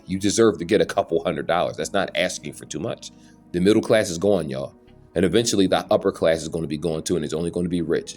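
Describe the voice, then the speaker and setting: Low-voiced man ranting earnestly on camera. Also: a little mellow. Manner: earnest, preachy, with some stumbles and restarts. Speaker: YouTube channel host. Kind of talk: casual opinion monologue.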